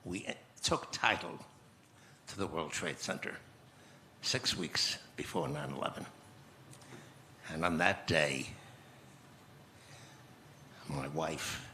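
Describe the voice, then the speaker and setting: A man in his nineties, speaking as a conference guest and recounting memories in a measured, reflective way with pauses. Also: very deep voice, sharp tone, slight background noise. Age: 90s. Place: conference stage.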